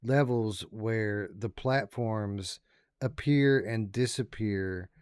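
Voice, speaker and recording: A man's voice: fairly low pitch, darkish tone, clear, resonant tone, dry recording, studio quality. A man co-hosting a podcast, chatting casually through a game review and stopping to restart his sentences. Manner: halting, with many fillers and restarts. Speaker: podcast co-host.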